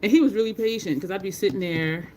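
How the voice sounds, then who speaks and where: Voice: medium pitch, fast talker, a little mellow, a little hiss or hum. Brief: talkative makeup host at home, rambling storyteller, mid-range voice, laughs often. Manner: greets live viewers by name. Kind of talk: casual chat while doing makeup.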